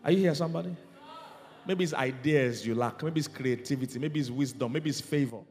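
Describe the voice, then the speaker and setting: A man preaching a sermon as pastor, moving between loud shouted decrees and quiet, low lines. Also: a little fast. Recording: reverberant hall, faint music behind.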